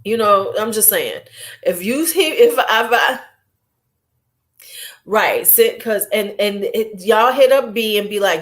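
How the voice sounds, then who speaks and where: A woman, chatting casually and bluntly on her beauty vlog, animated and self-mocking. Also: medium pitch, normal speed. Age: 40s. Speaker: beauty vlogger. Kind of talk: casual chat.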